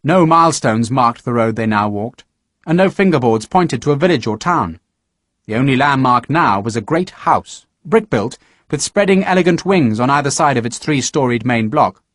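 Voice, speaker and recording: A man narrating an audiobook with a steady, measured reading. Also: medium pitch, no room sound, studio quality.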